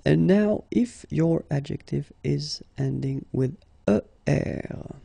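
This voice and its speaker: A man's voice: on the high side, vocal fry, dark tone, breathy edge, dry recording. A man with a French accent teaching a language lesson, patient and explanatory. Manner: patient and explanatory, slow and deliberate.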